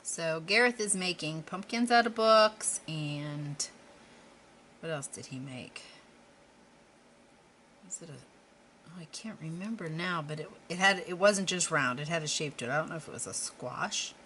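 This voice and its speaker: A middle-aged woman from Western Pennsylvania, a craft vlogger, chats and rambles casually while painting a canvas, tossing in self-deprecating asides. Her low voice moves at a moderate pace and sounds pushed and bright. A little hiss or hum is audible.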